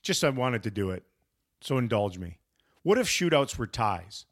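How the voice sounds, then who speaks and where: Podcast host, male, mid-pitched, wry and teasing, loose rambling delivery. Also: big pitch swings, moderate pace, a bit bright. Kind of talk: casual sports podcast chat.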